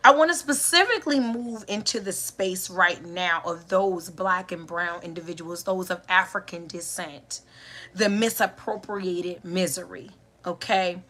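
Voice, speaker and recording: A woman's voice: on the low side, a little slow, a bit bright. A woman giving a spiritual, sermon-like talk to a live audience, building her points with repeated phrases and rhetorical questions. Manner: preacher-like, repetitive cadence, rhetorical questions; addresses listeners directly. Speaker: spiritual teacher. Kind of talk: live-streamed inspirational talk.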